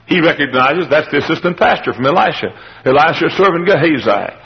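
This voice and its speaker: A man preaching a revival sermon, acting out the people in the story and shouting at its high points. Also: lively intonation, brisk, vocal fry, long reverb tail, dull audio. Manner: dramatic, acts out the characters in the story, shouts at climaxes.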